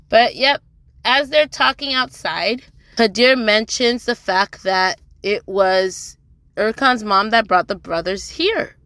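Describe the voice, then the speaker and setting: A young woman talks through a TV drama episode in a relaxed, chatty recap. Her voice is bright and forward, and the sound is dry and close. She throws in sassy asides to the characters. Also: medium pitch, takes it slowly, no room sound. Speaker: TV drama reviewer.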